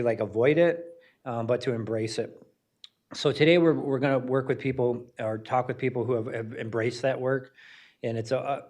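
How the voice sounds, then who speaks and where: A middle-aged man from Northern Michigan tells a story in relaxed, off-the-cuff talk. He acts out both sides of the conversation and pads his lines with "you know" and "like." His voice sits at an ordinary middle pitch. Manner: conversational, self-deprecating, acts out dialogue with fillers. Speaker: museum educator and panel host.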